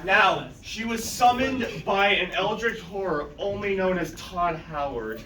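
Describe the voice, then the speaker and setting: A man's voice: sits high, lively intonation, unhurried. A man playing a professor on a convention panel, giving a playful comedic lecture to an audience and often laughing. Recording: echoey room from far off with loud background noise.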